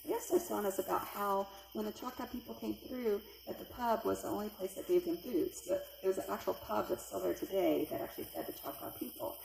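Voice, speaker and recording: A middle-aged woman telling a personal spooky story, lively and acting out the voices of the people in it. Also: fast, creaky, hardly any pauses, slight background noise. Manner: animated, acts out quoted voices with big pitch jumps. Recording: echoey room with faint ambience.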